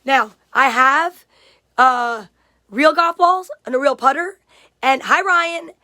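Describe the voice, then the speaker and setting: A woman's voice: high voice, slow, sharp tone. A woman chatting casually on a livestream, greeting viewers by name and reading out their comments. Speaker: livestream host.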